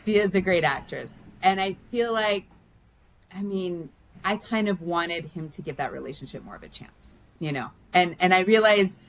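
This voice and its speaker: Woman discussing a movie in a relaxed home chat, low-pitched, meandering delivery. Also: moderate pace. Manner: rambling, many restarts and fillers, warm laughs. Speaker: guest, host's mother. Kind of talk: casual film review chat.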